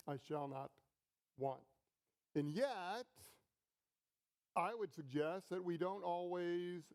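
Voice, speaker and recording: A middle-aged pastor delivering a sermon with a fairly high voice. He speaks slowly, letting phrases land one at a time in deliberate storytelling. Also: a little mellow, smooth. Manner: slow, deliberate storytelling with pauses.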